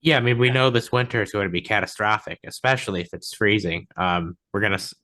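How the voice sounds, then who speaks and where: A man's voice: fairly low pitch, quick pace, sharp tone. A man hosting an interview, talking in a casual, speculative way. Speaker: interview host. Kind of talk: interview conversation.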